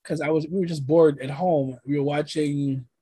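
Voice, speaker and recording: A podcast host with a husky, breathy tone, talking in an animated, rambling way. Full of fillers and quick restarts, with a middle-range pitch that jumps up when excited. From New York. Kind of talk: casual chat.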